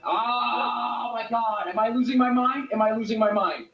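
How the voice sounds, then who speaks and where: A man's voice: very high voice, fairly even intonation, normal speed, lo-fi sound, background noise. An actor playing an exasperated, sarcastic man who has completely run out of patience, heard as distant, roomy clip audio.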